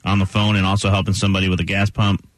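A man's voice: deep voice, little pitch movement, racing, no echo. A man co-hosting a morning radio show, teasing and laughing with his co-hosts.

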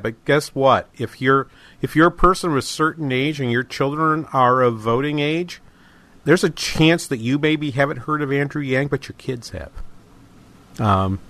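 A man's voice: medium pitch, fairly bright tone, no echo. A middle-aged man hosting a talk radio show, speaking casually with many fillers, restarts and false starts.

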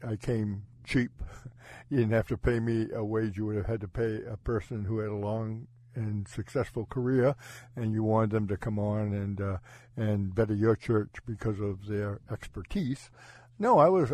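A man who is a pastor, telling his faith story in an earnest, halting way with frequent restarts. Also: fairly low pitch, darkish tone, no echo. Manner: halting, self-correcting, earnest. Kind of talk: personal testimony in conversation.

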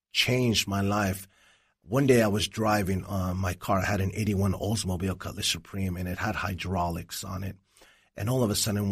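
A man, a Christian evangelist, telling his life story as an interview guest in an earnest, animated way. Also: low-pitched, slightly rough. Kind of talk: personal testimony in an interview.

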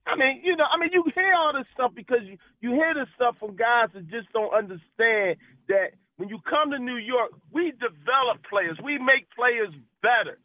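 A man's voice: extremely high pitch, animated, normal speed, no room sound. A man calling into a sports radio show, trash-talking in a loose drawling way. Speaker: caller. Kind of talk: call-in sports banter. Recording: tinny phone line.

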